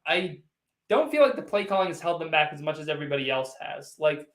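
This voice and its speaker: A man's voice: fairly high pitch, expressive, fast, a bit bright. A man hosting a casual postgame livestream, rambling and teasing as he answers viewers' chats directly. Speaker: sports livestream host. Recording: echoey room.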